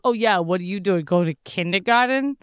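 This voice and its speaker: A woman's voice: mid-range voice, lively intonation, a little fast, clear, resonant tone, no echo. A woman co-hosting a comedy podcast, trading raunchy, brash insults and laughing often. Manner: brash, crude, laughs often, mock Boston tough talk. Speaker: podcast co-host.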